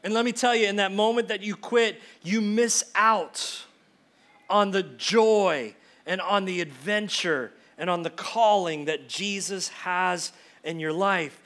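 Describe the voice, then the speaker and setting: A pastor delivering a folksy, story-driven sermon. His voice sits high for a man, and he often doubles back on words as he goes. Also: slow, a bit bright. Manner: folksy storytelling, repeats words when restarting.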